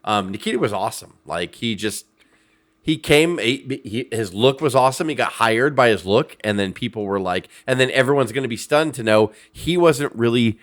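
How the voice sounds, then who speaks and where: A man's voice: mid-range voice, lively intonation, moderate pace. A man co-hosts a casual podcast in an everyday voice. He rambles, swears freely and often breaks off to restart a thought. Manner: rambling, profane, trails off and restarts. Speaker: podcast co-host.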